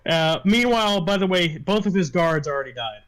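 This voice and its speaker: Halting male game master, slightly high voice. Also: expressive, fairly bright tone, poor audio. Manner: halting, filler-heavy narration. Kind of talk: narrating a tabletop game.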